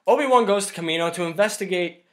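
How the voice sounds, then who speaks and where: A man with a fairly high voice runs through a casual movie review. He sounds exasperated and rants at the plot's flaws. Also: quick pace, slight background noise. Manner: ranting, exasperated.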